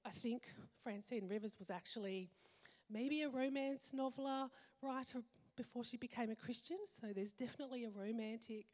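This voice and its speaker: A woman's voice: a little high, darkish tone. Reflective woman in an echoing hall. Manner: heartfelt, reflective, lists things slowly. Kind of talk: personal reflective talk. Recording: long hall reverb.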